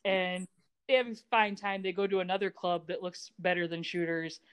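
A woman's voice: fairly low pitch, normal speed, clean tone. A woman co-hosting a podcast, recapping a TV episode in casual chat with sarcastic asides and frequent laughs. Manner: animated, sarcastic, laughs often. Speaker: podcast co-host recapping a TV show.

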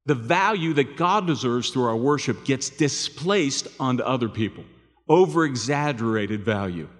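A man's voice: medium pitch, animated, normal speed. A man preaching a sermon as pastor, talking conversationally and asking his listeners rhetorical questions. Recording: long hall reverb.

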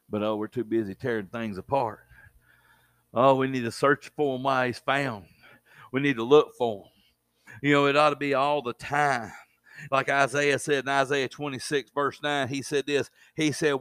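A man preaching a sermon as a pastor, telling stories in a colloquial way and swinging between loud and hushed delivery. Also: mid-range voice, steady tone, moderate pace, smooth, dry recording, studio quality.

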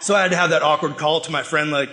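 High-voiced man preaching animatedly. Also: fast. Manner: animated, acts out quotes and laughs while telling stories. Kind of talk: sermon with personal storytelling.

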